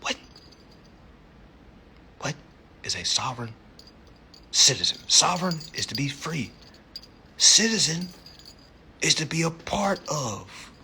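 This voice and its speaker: A man hosting a casual livestream chat, animated and profane, laughing often and peppering his talk with slang. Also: fairly high pitch, slow, long pauses, slight background noise. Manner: slangy, repeats "you know what I'm saying". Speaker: livestream host.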